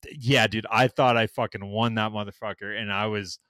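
Animated, cussing storyteller guy. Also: fairly low pitch, brisk. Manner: animated storytelling, heavy swearing, acts out quotes. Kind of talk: casual chat.

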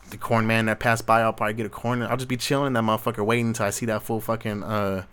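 A man's voice: on the low side, a bit bright, smooth. Profane, slangy man ranting solo. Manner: profane, heavy street slang; blunt, worked-up opinions. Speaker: solo podcast host. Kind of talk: casual commentary rant.

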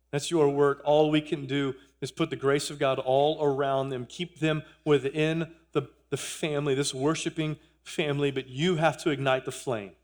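A man's voice: medium pitch, flat delivery, normal speed. A man in his thirties, a pastor, preaching a sermon in church in an earnest way, repeating phrases and joking with the congregation. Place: church sanctuary.

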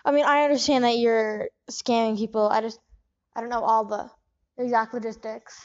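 A woman's voice: on the high side, fairly even intonation, normal speed, a little mellow, muffled recording. A woman hosting a comedy improv interview, asking one puzzled question after another. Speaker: host.

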